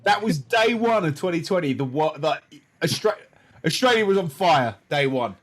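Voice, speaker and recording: A man's voice: a little high, lively intonation, normal speed, a bit bright. A man co-hosting a podcast, chiming in with blunt, jokey remarks in casual banter. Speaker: podcast co-host.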